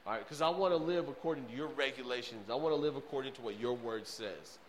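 A man preaching a sermon with emphatic repetition, often checking in with the audience, swinging between loud bursts and hushed pleading. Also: mid-range voice, fairly quick, few pauses, slight background noise, rough recording. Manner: emphatic and repetitive, addresses the crowd with "okay?".

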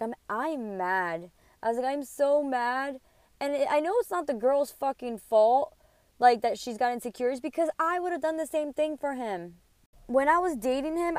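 A woman's voice: medium pitch, clean tone, dry recording. A woman hosting a podcast, telling a heated personal story with lots of swearing and quoted dialogue. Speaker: podcast host. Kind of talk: casual storytelling monologue.

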